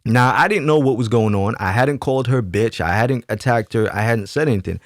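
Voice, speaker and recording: Male commentator, mid-pitched, emphatic storyteller, dry close sound. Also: brisk, dry recording. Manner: emphatic, keeps asking "right?". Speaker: YouTube commentator. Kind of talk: casual storytelling monologue.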